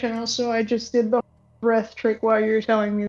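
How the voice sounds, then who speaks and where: A woman's voice: fairly high pitch, level tone, a little fast, darkish tone, muffled recording. A woman playing in a tabletop game over a call, talking casually and a bit hesitantly. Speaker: player.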